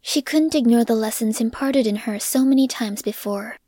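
A woman narrating a story in a measured voice that drops to a whisper on grim passages. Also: a little high, warm tone, no room sound. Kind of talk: audiobook narration.

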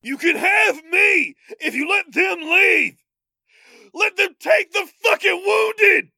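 A man's voice: very high voice, slow pace, gravelly, no echo, studio quality, voice pushed up, full character voice. A man voicing a teenage boy who screams in raw, desperate rage, roaring every word. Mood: enraged. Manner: roaring, strained shouting.

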